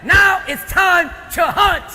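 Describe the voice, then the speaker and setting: A man shouting a driving, rhythmic motivational speech. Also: very high voice, slow, big-room sound, some chatter behind. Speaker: motivational speaker.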